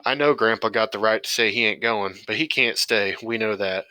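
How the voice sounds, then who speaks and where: A man voicing a calm, practical young farmer son who speaks in level-headed, plain rural speech. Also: fairly low pitch, normal speed, no echo, low-quality recording.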